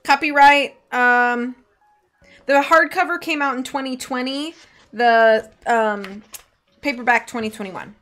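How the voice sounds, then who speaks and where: A woman's voice: high-pitched, measured pace. Woman reading a storybook on a stream. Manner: lively, chatty with viewers. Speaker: streamer reading a book aloud.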